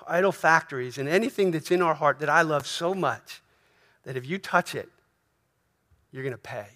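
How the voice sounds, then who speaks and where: A man's voice: a little high, moderate pace, pushed and bright. A middle-aged man preaching a sermon in an earnest, conversational way, often asking "right?" and restarting his phrases. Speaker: pastor.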